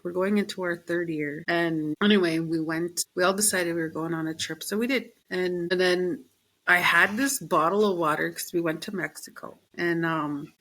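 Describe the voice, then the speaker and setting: A middle-aged woman with a slightly low voice, talking as a podcast guest. She tells stories in a relaxed, chatty way and acts out what she and others said. She uses plenty of fillers and laughs easily. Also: poor audio. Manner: animated storytelling, acts out her own quotes. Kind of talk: casual interview chat.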